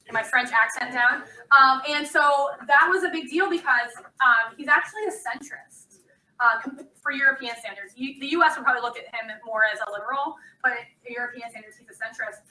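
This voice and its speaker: A woman lecturing a class in a loose, conversational way, often stopping for an um or an uh. Her voice is very bright and sits a little high. It is picked up from across a classroom. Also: fairly quick, recorded from a distance, low-quality recording. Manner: chatty, loose, with frequent ums and uhs. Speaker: instructor.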